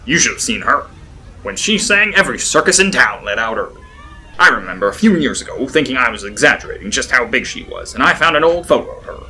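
A man's voice: mid-range voice, bright, forceful tone, slight background noise. A man voicing a wry, sarcastic middle-aged man in a spoken story, with a dry, teasing drawl.

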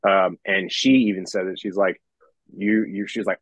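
A man's voice: low voice, flat delivery, moderate pace, a bit bright, no room sound. A young man, a metal songwriter, talking casually on a podcast, rambling with many restarts and casual swearing.

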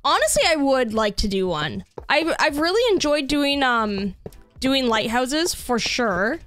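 A woman's voice: high voice, sing-song, a little slow, a bit bright, no room sound, soft background music. A young woman streaming a building game, chatting casually and upbeat with lots of fillers. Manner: chatty and upbeat, many fillers, reads chat aloud. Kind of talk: casual live-stream chat.

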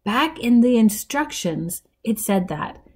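A woman teacher with a slightly high voice reads a chapter aloud to students. She stops to explain the story's small details in a guiding, patient way. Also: lively intonation, slow, a little mellow, breathy edge. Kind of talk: reading a novel aloud to students.

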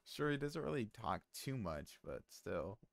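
Low-voiced man in casual stream chat. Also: sing-song, a little slow, vocal fry, dry recording, clean studio sound. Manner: rambling, many fillers and restarts.

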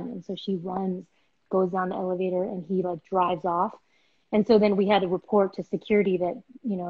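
A woman's voice: mid-range voice, fairly even intonation, fairly quick. A young woman hosts a casual live chat. She tells her stories animatedly and acts out the voices of the people in them. Her voice sounds somewhat dull and lo-fi over the stream connection. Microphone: video call.

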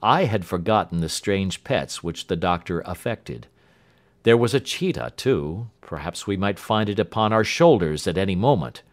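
Low, lively male audiobook narrator. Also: moderate pace.

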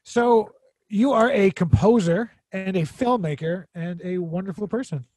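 A man's voice: high voice, measured pace, a little mellow, dry recording, clean studio sound. A man hosting a comedy podcast over a video call, joking and rambling with frequent laughter. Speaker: podcast host.

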